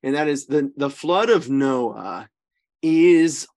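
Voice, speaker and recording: Emphatic priest teaching scripture. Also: male voice, medium pitch, animated, slow pace, darkish tone. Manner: emphatic, often checks in with "right?" and "okay?"; restarts and corrects himself mid-sentence. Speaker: priest leading a Bible study.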